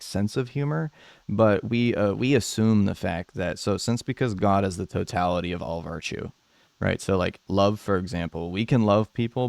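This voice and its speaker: A man's voice: fairly low pitch, gravelly, no room sound. A man hosting a live debate stream, talking in a laid-back, casual way with many filler words. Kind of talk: casual chat.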